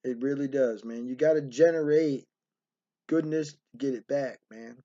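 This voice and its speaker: A man's voice: medium pitch, moderate pace, warm tone, lo-fi sound. A middle-aged man telling stories from his life in a rambling, streetwise way, recorded in a hotel room. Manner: rambling, streetwise, peppers lines with "man" and "right". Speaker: storyteller. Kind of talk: casual storytelling monologue.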